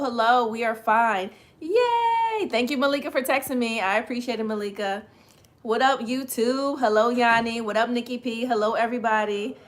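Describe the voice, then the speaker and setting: A woman in her thirties hosts a relaxed livestream, talking straight to her viewers and thanking them one by one. Her voice comes out slightly raspy and strained, with a lilt and easy laughs between the chatter. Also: fairly high pitch. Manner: chatty, greets viewers by name, laughs often. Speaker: livestream host. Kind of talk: casual livestream chat with viewers.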